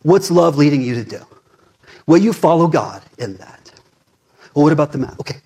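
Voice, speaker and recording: A man's voice: a little high, animated, normal speed, breathy edge. Fired-up man preaching a sermon. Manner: fired-up, conversational preaching with big swings from loud to hushed. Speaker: pastor.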